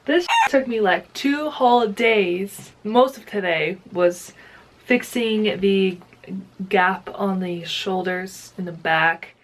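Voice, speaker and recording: A woman's voice: medium pitch, slow pace. Chatty young woman vlogging her sewing. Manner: chatty and upbeat, giggly asides. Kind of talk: casual sewing vlog narration.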